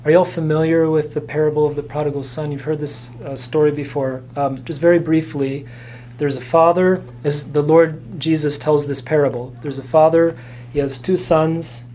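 A man giving an earnest, informal teaching talk as an Orthodox Christian, speaking in short, gentle phrases. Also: on the high side, steady tone, normal speed, slight background noise.

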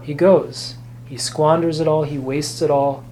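Earnest man giving a gentle talk. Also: a little high, fairly even intonation, measured pace, a little hiss or hum. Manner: earnest, gentle, speaks in short phrases. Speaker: Orthodox Christian speaker. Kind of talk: informal teaching talk.

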